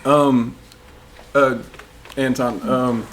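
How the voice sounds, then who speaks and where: A man's voice: mid-range voice, little pitch movement, drawn-out words. Hesitant man, noisy recording. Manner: hesitant, many fillers. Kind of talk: casual chat.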